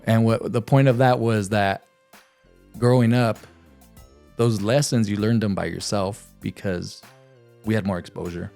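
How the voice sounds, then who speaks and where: A man in his thirties with a lowish voice hosts a relaxed podcast chat. He tells long personal stories in an easy, conversational way, faint music under the talk. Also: measured pace, gravelly, pauses often. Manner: storytelling, relaxed, peppered with "you know what I'm saying". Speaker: podcast host. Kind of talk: casual chat.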